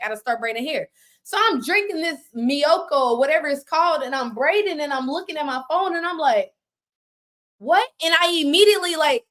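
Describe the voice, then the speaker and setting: A woman guest on a live talk show, telling a story from her home office in a casual, animated way and acting out the voices of people she quotes. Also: high-pitched.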